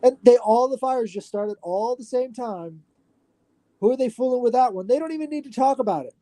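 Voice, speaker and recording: A man talking on a podcast as a guest, lecturing in an animated, profane way. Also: extremely high pitch, fairly quick, no room sound. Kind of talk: casual podcast chat.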